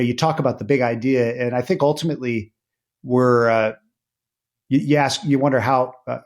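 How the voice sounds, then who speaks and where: A middle-aged man, a podcast guest, telling family anecdotes in a casual interview, animated and full of fillers. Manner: animated anecdotes with many fillers, rising pitch when excited.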